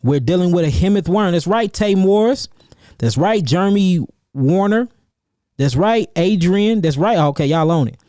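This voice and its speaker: Animated man hosting a live Q&A. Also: high-pitched, moderate pace, no echo, clean studio sound. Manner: animated, calls out chat names and repeats himself for emphasis. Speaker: herbalist host answering viewer questions. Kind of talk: livestream Q&A, casual and preachy.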